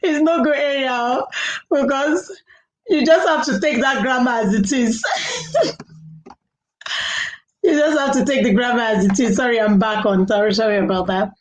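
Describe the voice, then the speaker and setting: A woman's voice: a little high, moderate pace, long pauses, a little hiss or hum, rough recording. Chatty woman, laughing often. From Nigeria. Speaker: live-stream host reading viewer comments. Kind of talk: casual live-stream chat.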